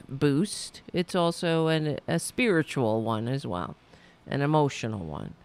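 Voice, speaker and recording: A woman's voice: extremely low pitch, clean tone. A woman hosting her own livestream show, talking casually to her viewers in a rambling, profane way with sudden emphatic rises. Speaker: show host.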